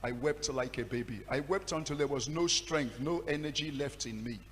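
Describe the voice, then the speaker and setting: A man with a Nigerian English accent, preaching and telling his story with impassioned swings between hushed and loud delivery. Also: medium pitch, moderate pace, big-room sound, slight background noise. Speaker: pastor. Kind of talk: sermon storytelling.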